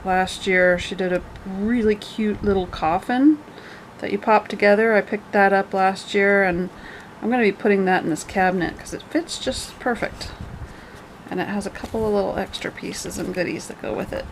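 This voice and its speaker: Lady flipping thru her craft journal, chatty and rambly, ordinary mid-pitched voice, faint hiss behind. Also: fairly even intonation, moderate pace, low-quality recording. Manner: chatty, rambling, with jokey asides. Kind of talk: casual show-and-tell.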